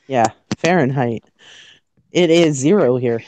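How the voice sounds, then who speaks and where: An extremely low, mellow voice belongs to a Canadian woman chatting a little slowly on a casual livestream from the freezing outdoors, with a little hiss or hum in the audio. Shivering and stuttering, she giggles and makes self-mocking jokes.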